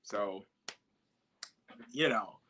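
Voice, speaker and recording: A man's voice: fairly low pitch, drawn-out words, bright, forceful tone. A man from the South Bronx, telling a story in casual podcast talk, with many fillers and restarts. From South Bronx, New York. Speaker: guest, activist who confronted a congressman.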